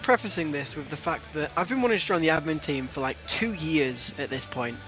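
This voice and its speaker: A man's voice: on the high side, brisk, fairly bright tone, low-quality recording. Laid-back young guy chiming in. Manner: laid-back, chimes in with short remarks. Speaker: guest. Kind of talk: casual chat. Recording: faint music underneath.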